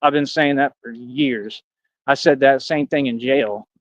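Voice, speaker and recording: A man on a casual livestream, boasting and squaring up to his viewers in loose street slang. His voice sits at an ordinary pitch. The sound is dull and lo-fi, with a dry, close feel and no room echo. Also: steady tone, a little slow. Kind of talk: casual livestream rant to chat.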